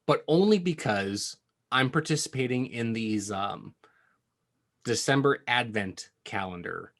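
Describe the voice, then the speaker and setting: A man's voice: medium pitch, fairly bright tone. Blunt, opinionated man chatting casually. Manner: opinionated, blunt, swears freely. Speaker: podcast co-host. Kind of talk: casual chat.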